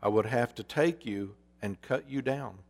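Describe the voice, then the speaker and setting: A man voicing the grave, loving master of a garden in a storybook parable, speaking low. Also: measured pace, a little mellow, in a large hall, close to an everyday voice.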